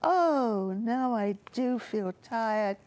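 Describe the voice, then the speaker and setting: A woman's voice: fairly high pitch, animated, extremely slow, a little mellow. A woman voicing a fussy, picky little girl in a children's storybook reading, exclaiming over everything. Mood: delighted.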